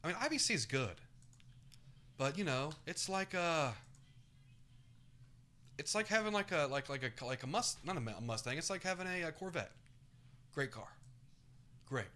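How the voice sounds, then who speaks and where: Brief: loud, bright-voiced male co-host, loose and profane, jumps from topic to topic. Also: fairly high pitch, expressive, moderate pace, pauses often. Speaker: co-host of a fight watch stream. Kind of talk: casual banter between friends.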